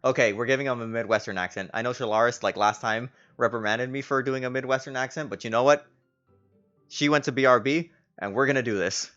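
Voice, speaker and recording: A man's voice: medium pitch, brisk, a bit bright, soft background music. A man from California streaming a game playthrough, chatty and giggly, poking fun at himself while reading aloud. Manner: chatty, giggly, self-deprecating. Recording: dull lo-fi stream audio.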